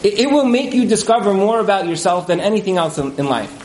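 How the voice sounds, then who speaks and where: A man speaking as a marriage counselor in a casual interview, animated, with many fillers, and acting out the couples he quotes. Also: sits high, fast talker, echoey room, a little hiss or hum, rough recording.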